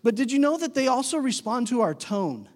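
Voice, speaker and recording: A man preaching a conversational sermon as pastor, warming up with easygoing stories. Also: extremely high pitch, fairly quick. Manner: conversational, animated when imitating talk to his dog. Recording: long hall reverb.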